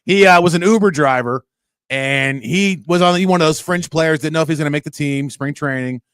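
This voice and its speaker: A man co-hosting a sports radio show, talking in a casual, animated and self-mocking way, often laughing. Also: on the high side, a little fast, clear, resonant tone, no room sound.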